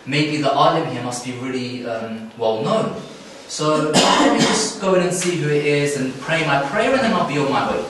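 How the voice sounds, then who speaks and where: A young man giving a religious talk at a camp, telling a story in a lively way and acting out the people in it. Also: fairly high pitch, normal speed, hardly any pauses, heavy reverb, recorded from a distance, very noisy. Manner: animated, acts out characters in the story. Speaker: camp speaker. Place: hall at a youth camp.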